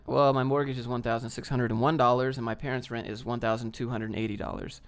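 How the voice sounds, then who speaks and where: A man's voice: mid-range voice, steady tone, quick pace, clear, resonant tone. A man hosting a casual livestream, reading chat questions aloud and answering in a rambling, joking way.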